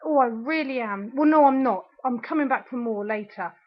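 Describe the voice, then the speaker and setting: A woman's voice: fairly high pitch, moderate pace. A young woman recording an angry video diary at home, ranting, sarcastic and swearing, close to tears at times. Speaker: video diarist. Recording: dull lo-fi webcam audio.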